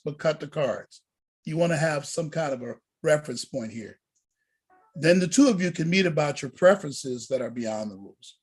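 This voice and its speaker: Husky animated deacon teaching students. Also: male voice, a little high. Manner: animated, preacher-like exhortation. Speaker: deacon and college prep instructor. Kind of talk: motivational lesson to students.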